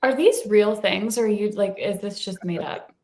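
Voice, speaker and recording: A woman playing along in a casual slang quiz among friends. She is upbeat and quick to ask questions. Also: medium pitch, a little mellow. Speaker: game participant. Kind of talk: casual group chat.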